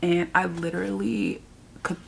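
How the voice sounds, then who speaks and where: Slow, gravelly-voiced woman book vlogger. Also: fairly low pitch, flat delivery, a little hiss or hum. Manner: emotional, rambling, exasperated, laughs often. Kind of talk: casual reading vlog chat.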